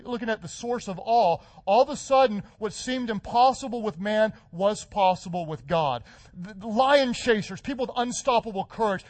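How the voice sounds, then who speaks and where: High-voiced middle-aged male pastor preaching. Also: no room sound. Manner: builds to fervent, rising declarations. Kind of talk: sermon.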